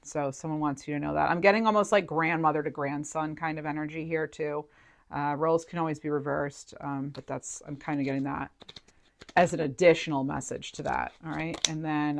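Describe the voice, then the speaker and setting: A woman with a low voice reads tarot cards for her viewers in a loose, chatty way. She thinks aloud, circles back with fillers, and lets her feelings show. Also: fairly even intonation, brisk, creaky. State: near tears at moments. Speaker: tarot reader. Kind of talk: intuitive tarot reading to camera.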